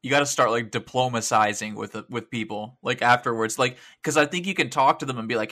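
Excitable guy on a gaming podcast, bright edgy voice, swears a lot, mid pitch. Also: brisk, hardly any pauses. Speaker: podcast co-host. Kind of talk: casual gaming podcast chat.

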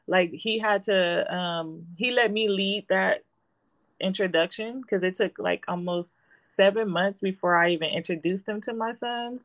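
A woman in her forties chats casually as a guest, reflecting on her family life in a storytelling manner. Her voice sits fairly low with a fairly bright tone, and she speaks a little slowly. The recording is rough.

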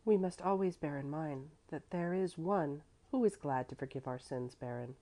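A woman reading the part of a kind, pious older woman giving soft, earnest counsel. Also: low-pitched, moderate pace, lightly acted.

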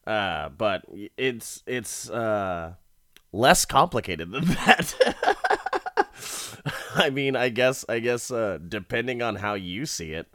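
A man talks his way slowly through a movie plot, cracking himself up and swearing loosely as he goes. His voice sits at an ordinary middle pitch and sounds dry and close to the mic. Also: animated, sharp tone, no room sound. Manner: laughs often, swears freely, rambling. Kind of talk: casual movie recap.

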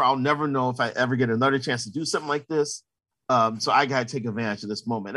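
A man's voice: mid-range voice, a bit bright. Rambling sportswriter man in his fifties. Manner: rambling, frequent "you know" fillers. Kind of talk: casual interview.

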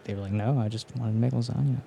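A young man co-hosting a podcast in relaxed, casual chat. He jokes in a wry, offhand way, and his voice sits at an everyday middle pitch. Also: fast, creaky, a little hiss or hum. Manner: laid-back, wry and joking. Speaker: podcast co-host.

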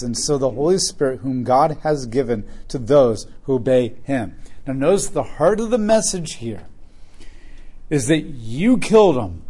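Reading from the Bible, a man stops now and then to explain the passage with relaxed, humorous asides. He's a Bible teacher with a mid-range, warm voice that has a breathy edge.

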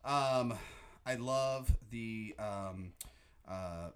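A man hosting a podcast, chatting casually and excitedly about a movie, often quoting its lines. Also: on the low side, extremely slow, noisy background. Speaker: podcast host.

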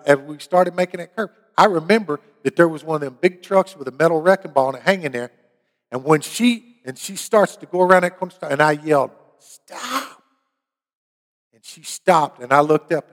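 Earnest preacher in a big hall. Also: male voice, a little high. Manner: earnest storytelling, rising to emphatic preaching. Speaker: pastor. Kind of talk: sermon with a personal testimony.

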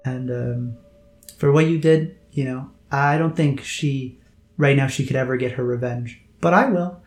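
A man voicing a soft-spoken, coldly vengeful man who talks sweetly and quietly, recorded in a roomy space. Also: medium pitch, measured pace, lightly acted. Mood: quietly menacing. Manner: quiet, sweet-voiced, menacing. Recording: roomy echo.

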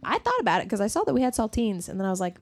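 A young woman co-hosting a casual podcast from home, her pitch moving widely as she tells a story. She quotes what she and others said, keeping it chatty and relaxed. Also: rapid-fire. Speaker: podcast co-host. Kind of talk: casual chat.

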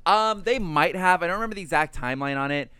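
A young man chatting casually with friends, telling animated work stories, acting out phone calls, swearing freely. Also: on the high side, quick pace, clean tone, dry recording. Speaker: podcast co-host. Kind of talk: casual chat among friends.

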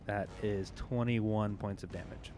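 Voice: deep voice, fairly even intonation, measured pace, music in the background. A player in a tabletop game, playful and laughing while rolling attacks. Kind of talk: casual tabletop game play.

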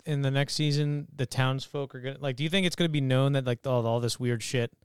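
A man's voice: mid-range voice, steady tone, fast, clear, resonant tone, dry recording. A man co-hosting a casual podcast chat, blunt, argumentative and crude.

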